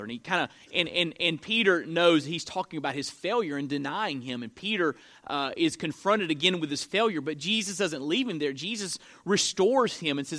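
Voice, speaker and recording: A man's voice: sits high, animated, moderate pace, sharp tone. A man preaching a sermon, telling Bible stories with earnest, dramatic emphasis. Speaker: pastor.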